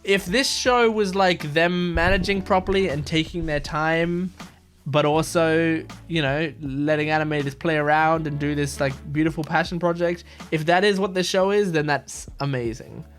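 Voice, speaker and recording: A young man hosts an anime reaction, rambling casually and excitedly with lots of fillers and swearing. His voice is a little high and his pace moderate, with faint music playing behind him.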